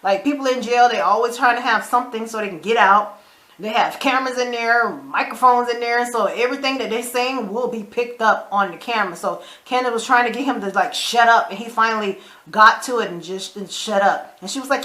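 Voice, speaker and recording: A woman recaps a drama episode as if gossiping with a friend, quoting the characters and reacting to them. Her voice sits a little high. The room around her is echoey. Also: brisk. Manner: animated retelling, acting out characters' lines with side comments and laughs. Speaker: show recap vlogger.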